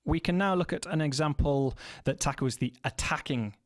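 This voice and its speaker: A man teaching snare drum technique, explaining in a measured way and counting rhythms aloud, with occasional fillers and self-corrections. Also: fairly high pitch, no room sound. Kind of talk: instructional music lesson.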